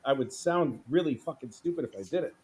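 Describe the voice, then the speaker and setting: A man's voice: on the high side, quick pace, darkish tone, slightly rough. A man hosting a stream, chatting loosely and joking with plenty of swearing. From New York City. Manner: profane, loose and jokey. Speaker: stream host. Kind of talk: casual chat.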